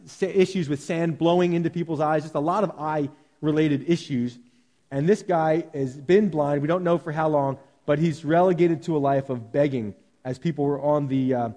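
A man pastor preaching a sermon, animated, swinging from loud cries to hushed tones. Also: fairly high pitch. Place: church sanctuary. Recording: long reverb of a large hall.

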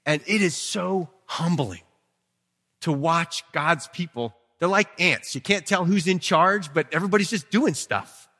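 A male pastor preaching a sermon in a church, chatting with the congregation, swinging from quiet asides to emphatic peaks. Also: on the high side. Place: church sanctuary. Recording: long reverb of a hall.

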